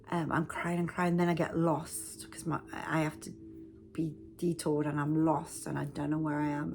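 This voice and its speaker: A woman's voice: fairly low pitch, slight background noise. A woman, a self-help speaker, telling a personal story in a casual, rambling way with frequent restarts.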